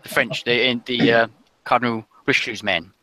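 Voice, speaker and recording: A man narrating as game master of a tabletop game, describing scenes hesitantly with many pauses and restarts. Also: medium pitch, fairly even intonation, pushed and bright.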